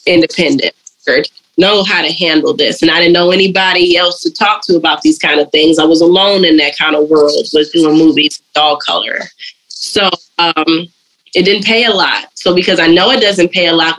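A woman, a dog groomer and colorist, telling her story in a casual interview and slipping into lively voices when she quotes people. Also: fairly low pitch, poor audio. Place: lives and works in Atlanta.

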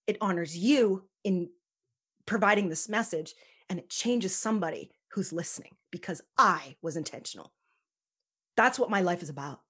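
Breathy, earnest woman guest. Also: lowish voice, expressive, normal speed. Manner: earnest, emphatic, softens to near-whisper at times. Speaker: podcast guest, author. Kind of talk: casual interview chat.

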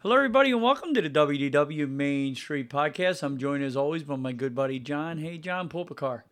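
A man's voice: a little high, lively intonation, a little fast, fairly bright tone, a little hiss or hum. A man hosting a podcast in a teasing, casual chat with his co-host. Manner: jokey, teasing, sings snippets.

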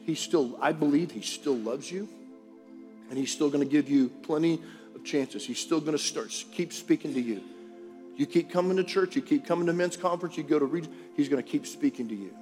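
A man's voice: a little high, a little fast, a little mellow. A man preaching a sermon to a congregation, chatty and direct, asking the room questions. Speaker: pastor. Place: large church auditorium. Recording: reverberant hall with faint music.

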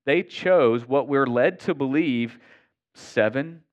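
A man's voice: mid-range voice, slow, muffled recording. A man preaching a sermon to his congregation in an earnest, conversational way. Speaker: pastor.

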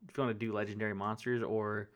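A man's voice: on the low side, level tone, fast talker, clean tone. A man playing a trivia game with friends, hesitant and self-doubting as he thinks aloud. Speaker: quiz contestant. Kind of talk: casual game chat.

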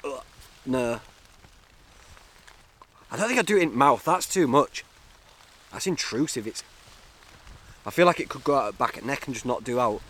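A man's voice: mid-range voice, expressive, normal speed, pauses often, a bit bright. A young man, rambling jokily through a solo podcast from inside a tent, talking into a camera-mounted mic. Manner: jokey, chatty, self-mocking. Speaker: podcast host.

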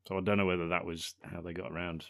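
A man's voice: sits low, little pitch movement, fast talker, a bit bright, no echo, clean studio sound. A man co-hosting a podcast, chatting about a film and often ending remarks with "isn't it?". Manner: chatty, ends remarks with tag questions. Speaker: podcast co-host. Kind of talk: casual chat about a film.

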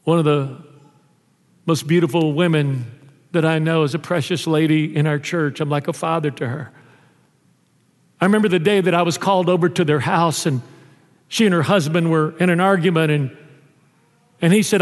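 A male pastor preaching a sermon in a church, telling stories and dropping low and soft on tender lines. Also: normal speed. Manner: storytelling, drops low and soft on intimate lines. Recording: long reverb of a church hall.

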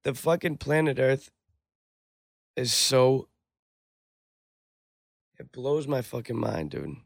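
A young man in casual chat, excitable and swearing heavily. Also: mid-range voice, slow, creaky, no room sound, studio quality.

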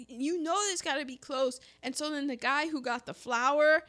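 A woman co-hosting a casual chat, recapping a story with lively energy and acting out the characters' lines. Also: sits high, normal speed. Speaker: podcast co-host.

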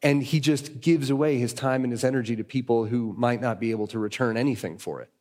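A man's voice: medium pitch, quick pace, a little mellow. A man as guest teacher giving a conversational sermon, retelling a story and voicing its people.

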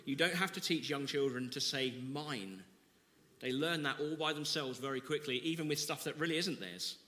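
A man's voice: a little high, a little fast, sharp tone, in a large hall, slight background noise. A man preaching a sermon, reading scripture with dramatic emphasis and then explaining it conversationally. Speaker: pastor.

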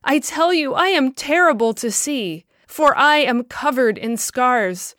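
A woman's voice: fairly high pitch, fairly bright tone, no echo, studio quality. A woman voicing a scarred, weary woman who pleads in anguish, read in a storybook telling.

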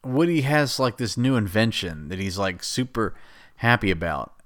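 A man's voice: on the low side, lively intonation, normal speed, a bit bright. A man casually recapping a film, rambling and exasperated and laughing at the plot. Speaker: show host recapping a film.

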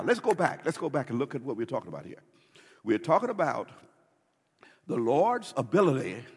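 A man preaching a sermon as pastor, swinging between loud and hushed with dramatic pauses. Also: medium pitch, husky, long reverb tail.

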